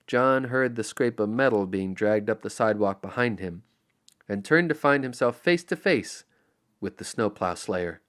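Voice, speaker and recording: Lowish male audiobook narrator. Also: normal speed, clear, resonant tone. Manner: expressive, lively storytelling. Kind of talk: scripted narration.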